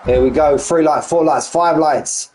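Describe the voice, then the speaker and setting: A man's voice: a little high, measured pace, darkish tone, faint music behind, rough recording. A young man giving chatty, joking live commentary on an online sim race. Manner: chatty, jokey banter with drivers.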